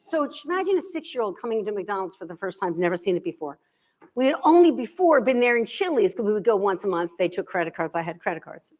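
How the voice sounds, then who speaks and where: A middle-aged woman, a guest author, telling comic stories to a live library audience in an animated, self-deprecating way. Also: mid-range voice, fast. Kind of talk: comic storytelling talk.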